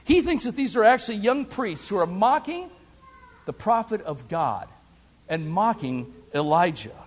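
A man preaches in a big hall, his high voice leaping and dropping with lively emphasis. Long reverb trails after each phrase. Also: measured pace, breathy edge. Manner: dramatic preaching with big swings in pitch and loudness. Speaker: pastor. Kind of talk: sermon.

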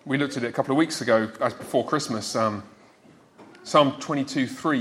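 A man's voice: mid-range voice, brisk, fairly bright tone, a little hiss or hum. Emphatic man preaching a sermon. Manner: emphatic teaching, quizzes listeners.

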